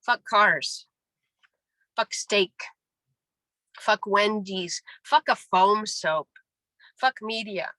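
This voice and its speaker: Woman in her forties, poetry reading, bright voice, dry close sound. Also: medium pitch, drawn-out words, pauses often, no room sound, low-quality recording. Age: 40s. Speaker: poet. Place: reading venue.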